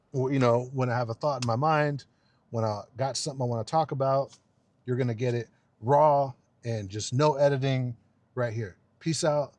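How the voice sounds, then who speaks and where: A man's voice: mid-range voice, darkish tone, no echo. A man ranting in his car, rambling, scornful and full of swearing. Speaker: vlogger. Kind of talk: unedited car rant. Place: inside a car.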